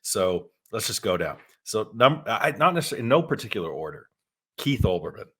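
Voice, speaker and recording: A man with a very deep voice holds forth on a casual podcast. He talks bluntly and rambles, restarting sentences and laughing as he goes. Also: sing-song, a little fast, a bit bright, husky. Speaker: podcast co-host.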